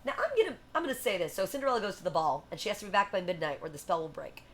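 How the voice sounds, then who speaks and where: A woman hosting a livestream, chatty and animated as she retells a story to her viewers. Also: mid-range voice, racing. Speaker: livestream host. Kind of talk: casual retelling and performing for a live chat.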